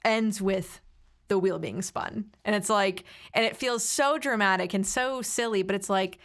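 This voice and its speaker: A woman's voice: mid-range voice, a little slow. A woman guesting on a podcast, chatting casually and rambling a little as she tells stories. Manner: chatty, rambling with fillers and laughs. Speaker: podcast guest, actor and filmmaker. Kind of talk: casual chat.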